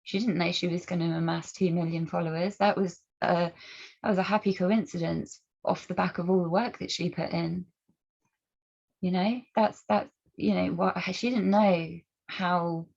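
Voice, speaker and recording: Her voice is low, gravelly and a little mellow as she talks earnestly to camera in a campaigning role. She mixes storytelling and personal commentary, firing off pointed rhetorical questions and frequently starting sentences over, all on a dull lo-fi recording.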